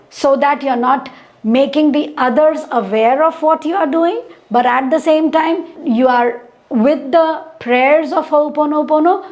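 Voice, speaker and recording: Brief: woman, high voice, meditation teacher, unhurried delivery. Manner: slow, calm counting and chanting. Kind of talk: guided spiritual instruction.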